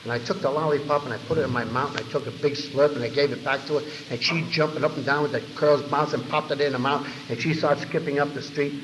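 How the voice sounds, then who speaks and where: A man giving his recovery story to a meeting audience, an animated storyteller who acts out the voices he quotes and speaks straight to the listeners. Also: mid-range voice, fast talker, few pauses, lo-fi sound. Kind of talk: personal recovery testimony to an audience. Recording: echoey hall, faint background noise.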